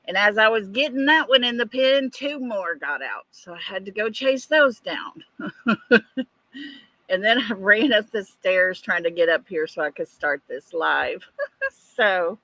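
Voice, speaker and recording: A woman's voice: mid-range voice, animated, unhurried, pushed and bright, dry recording, rough recording. A woman hosting a casual livestream, out of breath and chatty as she greets viewers by name. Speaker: livestream host.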